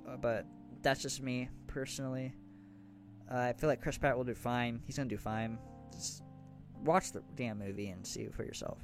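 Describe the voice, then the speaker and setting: A man's voice: medium pitch, steady tone, moderate pace, vocal fry, music in the background. A young man co-hosting a casual podcast, talking with lots of ums and restarts and casual swearing. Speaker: podcast co-host. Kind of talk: casual chat.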